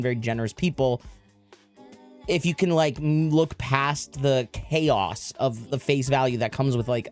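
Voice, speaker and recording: Speaking in a deep, darkish voice, a woman talks loosely with her stream audience. Her talk wanders, she cuts herself off to fix what she said, and she drops the occasional curse.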